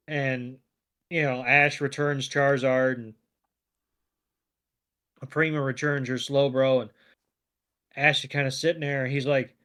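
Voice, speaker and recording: A man co-hosting a podcast, recapping a cartoon episode in relaxed, rambling casual chat with many fillers. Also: mid-range voice, slow, pauses often. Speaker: podcast co-host.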